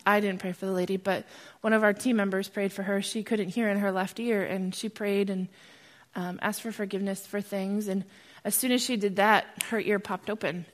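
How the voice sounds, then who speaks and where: Young woman, church talk, animated, builds to excited loud bursts, medium pitch. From United States. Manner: animated storyteller, gets loud and excited when recounting. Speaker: speaker sharing a testimony. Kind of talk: church testimony talk with slides.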